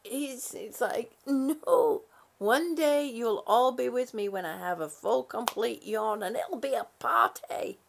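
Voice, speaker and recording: An exhausted woman drifts through a casual live-stream chat, unhurried and drawn out. Her voice sits a little high, and her talk is rambling, drowsy and broken by giggles. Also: lively intonation, creaky. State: exhausted, sleepy. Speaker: live-stream host reading viewer comments.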